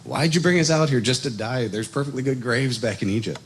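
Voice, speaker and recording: A man's voice: animated, a little fast, slight background noise, close to an everyday voice. A man voicing complaining Israelites in a panicky, whining tone while retelling a Bible story. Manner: complaining, panicky, rising pitch. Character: whiny grumbling wandering Israelites, panicky.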